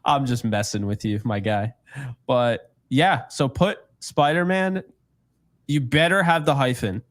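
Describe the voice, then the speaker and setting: A man's voice: mid-range voice, unhurried, a bit bright, no room sound, studio quality. Joking, rambling male podcast co-host. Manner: joking, rambling, laughs often. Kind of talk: casual chat.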